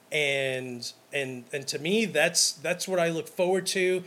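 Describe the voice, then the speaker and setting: A man with a fairly high voice talks casually, as if on a podcast, about his work shooting weddings. He tells stories emphatically, acts out the scenes, and often restarts his sentences. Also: takes it slowly. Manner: animated, emphatic storyteller who acts out scenes; talks in repeated false starts. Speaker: wedding photographer.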